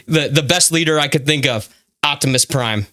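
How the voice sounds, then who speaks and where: Man, podcast co-host, casual chat, bright tone, slightly high voice, rambling and stammering. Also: normal speed. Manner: rambling, stammers and laughs easily.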